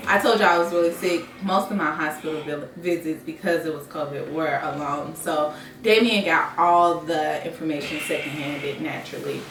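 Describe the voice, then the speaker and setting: A woman's voice: deep voice, moderate pace, noisy background. A woman chatting casually in a vlog, laughing along as she talks. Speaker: vlogger, mother of twins. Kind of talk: casual chat. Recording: echoey room, mic at a distance.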